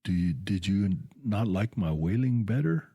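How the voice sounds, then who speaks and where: A man's voice: low-pitched, animated, measured pace, mellow, dry recording, exaggerated voice. A man voicing a big, ugly old female toad mother who is possessive and scheming, read aloud as part of a storybook on radio. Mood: eager. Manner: gruff and coarse when wailing.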